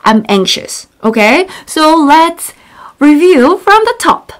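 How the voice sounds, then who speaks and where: A woman's voice: sits high, very animated, takes it slowly. A woman with a Korean accent teaching expressions in a casual online lesson, repeating each phrase and acting out little scenes.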